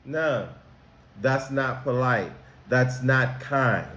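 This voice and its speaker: A school counselor, a man, speaks to students in an unhurried, deliberate way. His fairly high voice rises and falls a great deal as he asks them questions. The room around him gives a noticeable echo. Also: very animated, a little hiss or hum. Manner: slow, emphatic, asks questions. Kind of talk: talking to students. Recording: roomy echo.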